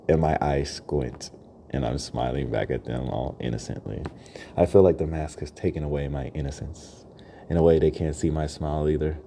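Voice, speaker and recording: A young man with a very deep, dark voice and a gravelly edge talks through a loose solo podcast monologue. He rambles reflectively, laughs easily and keeps asking "right?" A faint hiss sits under the voice. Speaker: podcast host. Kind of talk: freestyle monologue.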